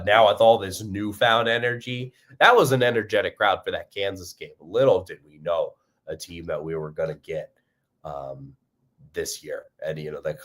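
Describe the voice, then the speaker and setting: A man's voice: low-pitched, fairly bright tone. A young man hosting a fan podcast, rambling upbeat commentary with lots of fillers and restarts.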